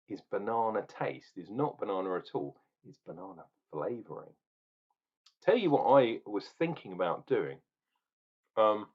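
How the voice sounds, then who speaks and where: A man's voice: low-pitched, breathy edge, lo-fi sound. A man rambling casually through a beer tasting vlog, chatting straight to the viewer between sips. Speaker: beer reviewer.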